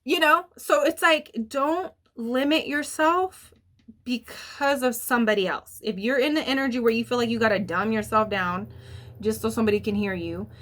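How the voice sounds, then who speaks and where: Chatting her way through a casual tarot reading, a young woman stays animated, drops plenty of fillers and the odd curse word, and laughs at her own side comments. Her voice is a little high and her pace moderate.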